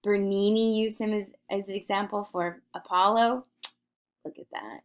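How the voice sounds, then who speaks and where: A woman's voice: mid-range voice, steady tone, normal speed. A woman teaching an art history lecture in a playful, theatrical way, slipping into mock-aristocratic asides.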